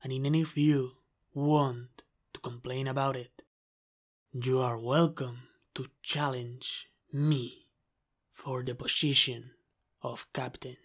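A man's voice: mid-range voice, fairly even intonation. A man voicing a commanding male pirate captain, stern yet protective, in an ASMR role-play. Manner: slow, measured, authoritative delivery.

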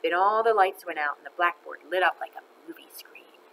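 A woman reading a children's book aloud in an expressive, animated way. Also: on the low side, brisk, slight background noise, low-quality recording. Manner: expressive, animated, laughs between lines. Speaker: storyteller.

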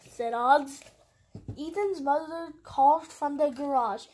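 High, slow woman reading a picture book. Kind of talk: storybook read-aloud.

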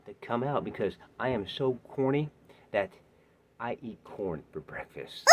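A man recording his own audition pitch, theatrical and playful, rhyming and joking, swinging from shouts down to whispers. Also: expressive, unhurried, a little hiss or hum. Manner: rhyming, playful, self-mocking. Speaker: actor auditioning. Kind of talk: self-tape audition pitch.

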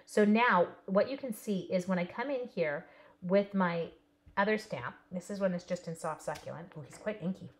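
A woman's voice: lowish voice, brisk. A woman teaching a live card-stamping class in a casual, chatty way, talking to her viewers by name. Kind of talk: casual live craft demo.

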